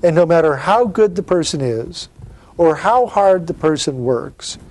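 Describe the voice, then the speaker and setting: A man's voice: fairly high pitch, lively intonation, a little slow, a little mellow. A middle-aged man giving a literature lecture, explaining patiently and asking rhetorical questions. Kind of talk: university-style lecture.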